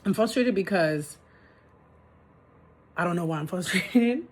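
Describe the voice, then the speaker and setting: A woman's voice: lowish voice, lively intonation, unhurried, breathy edge. A woman venting in a casual vlog from her apartment, frustrated and ranting, swearing as she talks. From New York City. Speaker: vlogger. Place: apartment, indoors.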